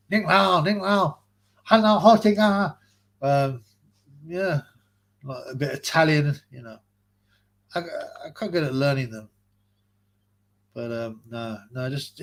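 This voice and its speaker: A young man hosts a casual live stream at a middle pitch. He rambles through viewer messages, chatty and loose, breaking into laughs and trailing off with fillers. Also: breathy edge. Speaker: livestream host reading chat.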